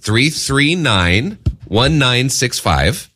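A man hosting a Christian radio fundraiser, bantering playfully and reading out the phone number in a studio. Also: drawn-out words. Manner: playful, upbeat pitch with lively swings. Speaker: radio host. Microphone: studio microphone.

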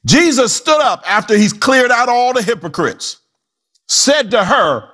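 A man preaching a sermon with humor and asides, swinging from shouts to hushed quoted lines. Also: extremely high pitch, animated, measured pace.

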